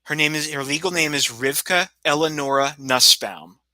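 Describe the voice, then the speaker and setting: A man's voice: fairly high pitch, moderate pace, sharp tone, dry recording, rough recording. A man talking to a livestream audience in an agitated, rambling way, repeating himself and sometimes dropping almost to a whisper. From United States. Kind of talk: rambling livestream monologue and phone call.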